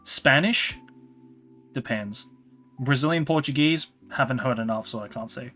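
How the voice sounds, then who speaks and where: A man's voice: medium pitch, unhurried, sharp tone, faint music behind. A young man with an Australian accent, chatting casually as a stream host, rambling with fillers and restarts. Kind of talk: casual chat.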